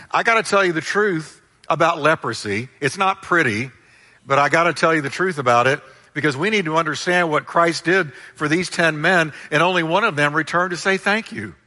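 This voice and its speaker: Male pastor, sermon; forceful bright tone, emphatic call-and-response, long hall reverb. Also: a little high, brisk.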